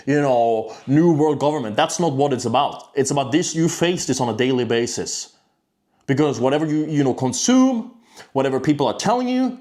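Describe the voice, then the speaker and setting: A man delivering a self-improvement rant straight to the viewer. His voice sits at an ordinary middle pitch, and he talks bluntly and profanely. He keeps doubling back and restarting his sentences as he goes. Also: darkish tone. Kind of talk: casual monologue to camera.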